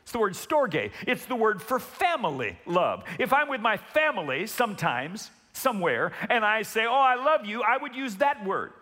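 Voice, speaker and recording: A male pastor preaches with a high, bright voice that swings widely in pitch. He asks the congregation to repeat words back and drags out key phrases for weight. His voice rings with the long reverb of a large hall. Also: huge pitch swings. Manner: calls for congregation responses, emphatic with slow stressed words. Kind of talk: sermon.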